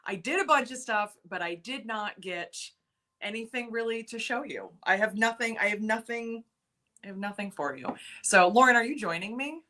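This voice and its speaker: A woman's voice: on the high side, lively intonation, moderate pace, pushed and bright. Chatty woman hosting a live stream. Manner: chatty, laughs often, reads comments aloud. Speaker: livestream host. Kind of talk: casual live-stream chat with viewers.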